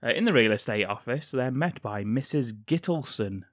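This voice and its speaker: A man's voice: mid-range voice, lively intonation, moderate pace, no room sound. A man co-hosting a podcast, casually recounting a film's plot with dry, sweary asides. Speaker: podcast co-host. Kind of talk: casual film recap chat.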